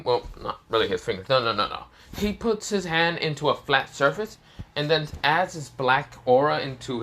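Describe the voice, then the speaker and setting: A man's voice: mid-range voice, bright, forceful tone. A man casually narrating a fan story off the cuff, rambling with many fillers and restarts.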